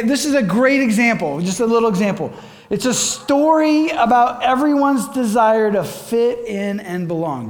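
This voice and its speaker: A man delivers a lively sermon with a bright, high-pitched voice. He talks with the congregation, pausing to ask them questions and breaking into acted-out voices when he tells stories. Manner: animated, asks the audience questions, acts out voices in stories. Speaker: preacher.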